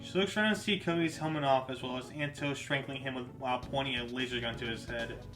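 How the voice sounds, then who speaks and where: Man narrating over loud music. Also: mid-range voice, fast talker, poor audio. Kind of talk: fan audio drama narration. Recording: music bed under voice.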